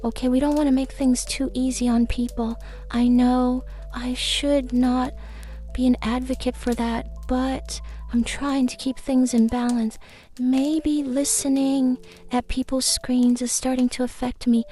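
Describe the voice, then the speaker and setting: Woman playing a tiny preachy garden fairy, high-pitched, flat delivery, soft mellow tone, faint music behind. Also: measured pace. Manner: preachy, easily agitated, rambling. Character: small fussy female garden fairy. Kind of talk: comic character podcast chat.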